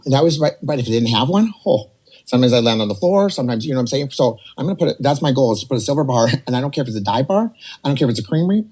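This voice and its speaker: A man in his forties telling a personal story on a podcast, animated and rambling, slipping into voices to act out what others said. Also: medium pitch, husky. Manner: animated, rambling, jumps between quoted voices. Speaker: podcast guest. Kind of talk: casual storytelling.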